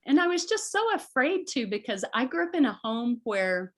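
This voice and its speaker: A woman's voice: high voice, big pitch swings, normal speed, fairly bright tone. A middle-aged woman, a guest on a talk show, explaining in an earnest, conversational way and slipping into voices when she quotes people.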